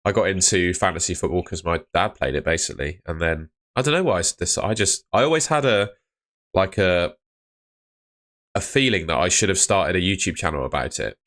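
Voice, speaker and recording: A young man with a low-pitched voice talks through a live stream. His tone is relaxed and chatty as he answers viewer comments one after another. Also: a little fast. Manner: chatty, reads out chat comments. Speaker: fantasy football streamer. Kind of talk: casual live stream chat.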